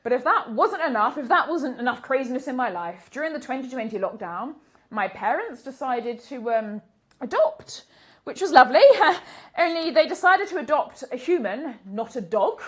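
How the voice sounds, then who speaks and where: Young UK woman, comic storyteller, high and very expressive, laughs through her lines. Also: moderate pace. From United Kingdom. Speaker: comedian guest.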